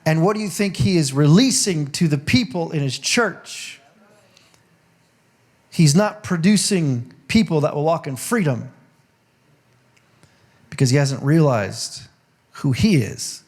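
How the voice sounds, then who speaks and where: A man's voice: fairly high pitch, lively intonation, slow pace, pauses often, a little mellow. Chatty male pastor preaching. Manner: conversational, jokey, laughs often. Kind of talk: sermon. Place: church sanctuary.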